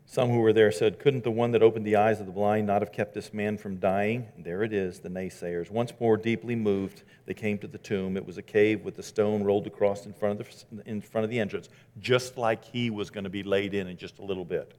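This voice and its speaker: A man preaching a sermon as pastor, dramatic, dropping to a hush and rising to loud exclamations. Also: on the low side, fairly even intonation, fairly quick, few pauses, in a large hall. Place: church sanctuary.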